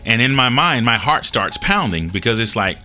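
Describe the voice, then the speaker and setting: Bright-voiced man telling a story. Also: mid-range voice, sing-song, moderate pace, faint music behind. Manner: earnest, retells dialogue with small restarts. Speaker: host telling a personal story. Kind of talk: casual storytelling.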